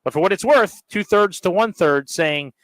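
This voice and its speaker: A man's voice: high-pitched, expressive, normal speed, a bit bright, no echo, rough recording. A man co-hosting a sports talk radio show, reading a sponsor message and poll results in a conversational way.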